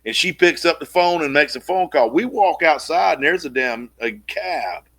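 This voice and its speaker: Man, podcast co-host, gravelly voice, bright tone, animated storytelling, casual swearing. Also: a little high, normal speed.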